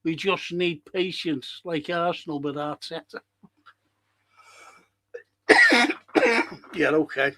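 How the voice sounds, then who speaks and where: Scouse man, bright high voice, slow, sweary watch-along streamer. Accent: Liverpool. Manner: sweary, excitable, heckling the players. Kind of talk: live match commentary and chat reading.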